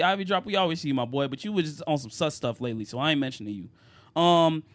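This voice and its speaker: A young man hosts a casual podcast, reading viewer comments aloud in loose slang. His voice sits a little high. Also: animated, moderate pace. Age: young adult. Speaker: podcast host. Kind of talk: casual chat.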